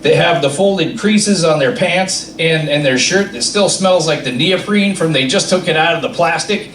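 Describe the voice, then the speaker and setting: A man's voice: a little high, moderate pace, a bit bright. A man performs stand-up with a loose, chuckling delivery, laughing at his own lines. His slightly raised voice sounds distant, in an echoey club with faint room noise. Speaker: stand-up comedian. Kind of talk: stand-up comedy set.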